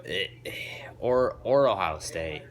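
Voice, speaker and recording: A young man ranting about football to camera in an excitable, rambling, opinionated way. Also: low-pitched, takes it slowly. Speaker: vlogger. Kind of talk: casual sports rant to camera.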